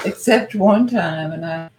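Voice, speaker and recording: A woman's voice: on the low side, background noise. An older woman with a Kentucky accent, the host's mother, telling family stories in a plain-spoken way with laughter. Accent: Southern US, Kentucky. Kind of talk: casual family chat, storytelling.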